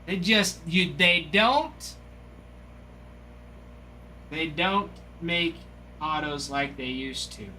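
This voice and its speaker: Gushing, bright-voiced man opening cards. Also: on the high side, very slow, pauses often, slight background noise. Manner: excited, gushing exclamations over each card. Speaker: trading card break host. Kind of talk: live card-opening commentary.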